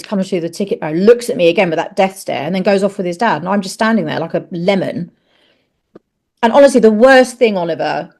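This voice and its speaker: A middle-aged actress appears as a podcast guest, candidly telling a personal story, swearing frankly and acting out the dialogue in raised voices. Her voice is mid-range with a darkish tone.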